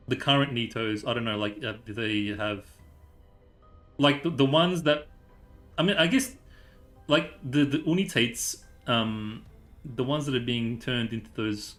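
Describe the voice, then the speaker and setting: With a medium-pitched, fairly bright voice, a man gives casual commentary while streaming a story game. He talks loosely with his viewers and reads the in-game dialogue aloud in an easygoing, rambling way.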